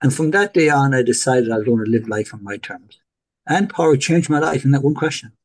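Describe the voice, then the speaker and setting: A middle-aged man with an Irish accent and a husky, slightly rough voice, sitting at an average pitch. He talks as a podcast guest, telling stories with energy and playing out the lines of the people in them. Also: brisk. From Ireland. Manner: animated, acts out dialogue in his stories. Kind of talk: storytelling in a podcast interview.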